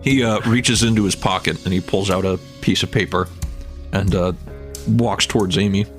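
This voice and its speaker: A man's voice: sits low, fairly even intonation, moderate pace, soft background music. A man playing a tabletop game and narrating his character's actions in an easygoing way. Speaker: player. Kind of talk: casual tabletop play.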